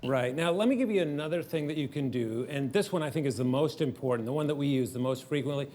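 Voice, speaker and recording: A man co-hosting a premarital counseling session, telling a lively story with laughter and then teaching. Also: mid-range voice, quick pace. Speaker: marriage counselor and co-host.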